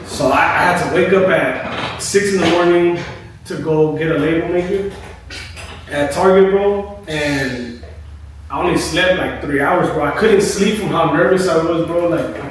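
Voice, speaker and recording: A man's voice: on the high side, normal speed. Young man telling a story in an echoey barbershop. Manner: loose, swearing, says "bro" constantly. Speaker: barber and podcast co-host. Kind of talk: casual storytelling chat. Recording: echoey room, mic at a distance, light noise.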